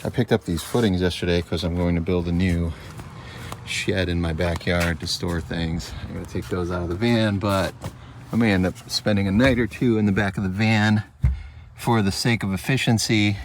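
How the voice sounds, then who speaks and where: A cinematographer vlogger narrates his travel vlog from the road, standing outdoors by a van, talking casually in a rambling, matter-of-fact way. His voice sits low with fairly even intonation at normal speed, and noisy traffic fills the background.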